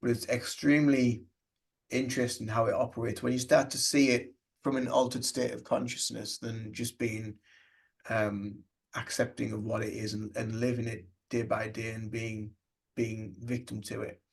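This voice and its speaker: A man co-hosting a casual spiritual podcast discussion, speaking in a measured, reflective way. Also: medium pitch, flat delivery, gravelly, breathy edge. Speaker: podcast co-host.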